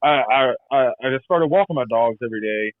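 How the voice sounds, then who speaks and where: A man's voice: medium pitch, fairly quick, no echo. A man talking as a podcast guest in casual chat, laid-back, repeating words and saying man and bro a lot. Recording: tinny phone-like line.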